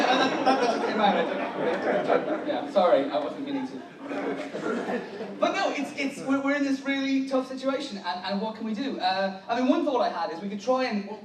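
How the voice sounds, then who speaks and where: A man's voice: high voice, background noise. An Irish man doing a stand-up comedy set at a conference, making wry asides and interrupting himself mid-sentence. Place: conference hall with a live audience. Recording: echoey hall, mic at a distance.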